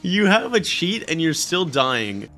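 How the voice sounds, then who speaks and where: A man's voice: a little high, big pitch swings, unhurried, pushed and bright. A young man who teases his friend while chatting through a video game. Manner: teasing, chatty, says bro a lot. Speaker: gaming YouTuber. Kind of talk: playful gameplay commentary. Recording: faint game music behind.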